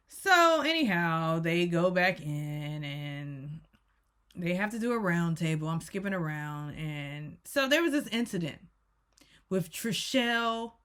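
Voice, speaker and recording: A woman's voice: fairly low pitch, a bit bright. A woman YouTuber giving a casual, rambling recap rant and often correcting herself. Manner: rambling, self-correcting, chatty. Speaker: YouTube reviewer.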